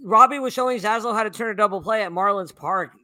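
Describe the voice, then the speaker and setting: A man co-hosting a casual sports talk show, excitable and animated, often repeating words as he goes. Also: sits high, quick pace, no room sound, studio quality. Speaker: podcast co-host.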